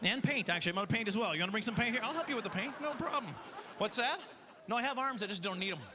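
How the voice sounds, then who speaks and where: High-voiced self-mocking stand-up man. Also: rapid-fire, heavy background noise. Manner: self-mocking, animated storytelling. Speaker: stand-up comedian. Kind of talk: stand-up comedy set. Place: comedy festival stage before a live audience.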